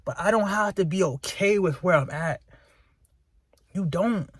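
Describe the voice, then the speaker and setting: A man's voice: sits high, unhurried, a bit bright, no echo, studio quality. A man, venting in a candid, self-critical, profane rant to his viewers. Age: 20s. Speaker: vlogger.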